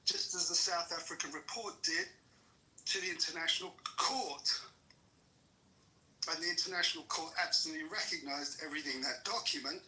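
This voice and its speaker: A man's voice: fairly high pitch, fairly quick, sharp tone. A man in a heated political debate, furious and swearing constantly as he hurls insults, heard in a room with others. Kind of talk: angry profane rant. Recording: roomy echo, distant mic.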